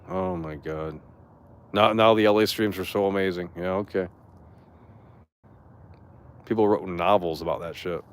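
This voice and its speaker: A man's voice: sits low, fairly even intonation, normal speed, long pauses. A young man streamer ranting to his chat in a rambling, profane, indignant way. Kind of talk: casual rant to chat.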